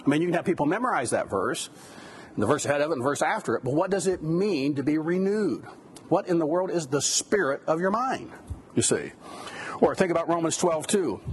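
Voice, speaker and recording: A man's voice: a little high, animated, a little fast, a little hiss or hum. A man giving a conversational lecture on biblical counseling, with rhetorical questions and asides. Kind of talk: classroom lecture.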